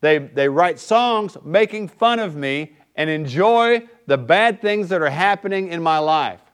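A man preaching a sermon in a relaxed, conversational way, often checking in with his listeners. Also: on the high side, a little slow, clean tone. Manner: conversational, keeps asking "right?". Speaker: pastor.

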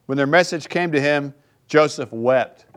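A man's voice: on the high side, unhurried. A male pastor preaching a sermon in a conversational way, often checking in with the listeners by asking "right?".

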